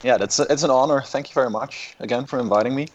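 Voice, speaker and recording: A man's voice: medium pitch, fast talker, muffled recording. A young man from the Netherlands with a Dutch accent, guesting on a podcast, polite and easygoing. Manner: polite, easygoing, laughs along. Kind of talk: casual chat.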